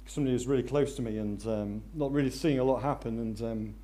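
A man preaching a sermon, swinging between loud excitement and hushed intensity. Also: mid-range voice, quick pace.

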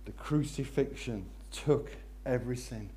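A man preaching a sermon, swinging between loud excitement and hushed intensity. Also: mid-range voice, unhurried, a little hiss or hum.

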